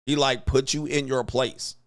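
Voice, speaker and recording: A man hosting a commentary vlog, talking in a profane, animated way and acting out quotes. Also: mid-range voice, normal speed. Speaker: host.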